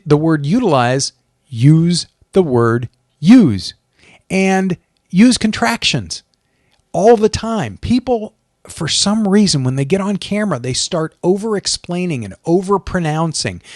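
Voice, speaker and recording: A man's voice: on the high side, dry recording, studio quality. A man giving a casual to-camera lesson on presenting, friendly and conversational, with demonstrations. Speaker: video coach.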